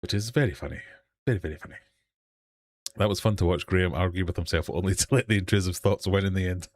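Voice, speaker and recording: Speaking fast in a low voice, this man streams live from his fish room as host of a relaxed fishkeeping hangout. He chats, holds a quiz, and rambles in a self-deprecating way.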